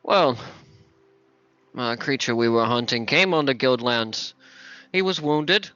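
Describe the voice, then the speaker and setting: A man's voice: medium pitch, animated, slow, bright, forceful tone, clean tone, dry recording. A man playing a tabletop game, speaking bluntly in and out of character. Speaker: player. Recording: slightly muffled, dry audio.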